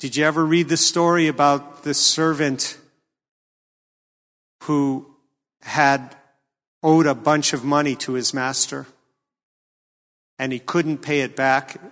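A man delivers a sermon in a slow, deliberate voice, pitched a bit high for a man. His tone is earnest and questioning, and he leans hard on key words. A long reverb trails each phrase. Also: fairly even intonation, fairly bright tone. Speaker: preacher.

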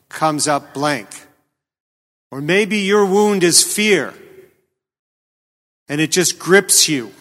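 Slow-speaking male preacher in a reverberant hall. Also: a little high, fairly bright tone. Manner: earnest, questioning, slow emphatic delivery. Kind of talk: sermon.

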